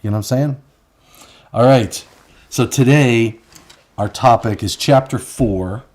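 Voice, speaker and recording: A man with a mid-range, darkish voice hosts a live online show, speaking a little slowly. He chats casually, rambling through stories and laughing frequently.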